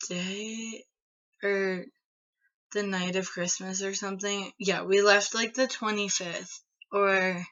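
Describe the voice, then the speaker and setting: A young woman in her early twenties from the United States tells a personal story to the camera at an unhurried pace. Her bright voice rambles, with plenty of "like" and "um". The audio is dull and lo-fi. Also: mid-range voice. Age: early 20s. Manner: rambling, filler-heavy with frequent "like" and "um". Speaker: vlogger.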